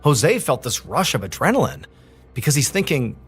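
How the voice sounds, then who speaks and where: Lively conversational male storyteller. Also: medium pitch, normal speed, breathy edge, soft background music. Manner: conversational, dramatic build, rises when tension peaks. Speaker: storyteller host. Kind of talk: true-story narration.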